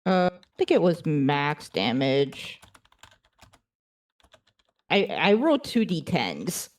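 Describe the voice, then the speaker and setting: Lively-voiced woman tabletop player. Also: sits low, slow. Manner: chatty, hesitant, full of fillers and questions. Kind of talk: tabletop game play.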